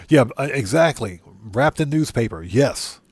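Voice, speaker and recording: A man chatting casually to viewers while he streams a game. He talks at a middle pitch and keeps repeating his points for emphasis. The sound is dry and close, with no room around his voice. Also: sing-song, slow, gravelly, slightly rough, no room sound. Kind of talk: casual livestream chat.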